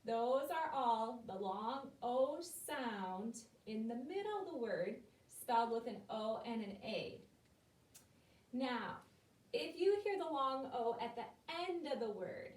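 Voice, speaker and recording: A woman teaching a phonics lesson to young children, slowly sounding out words in a patient way. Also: on the high side, a little mellow. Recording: echoey room from far off.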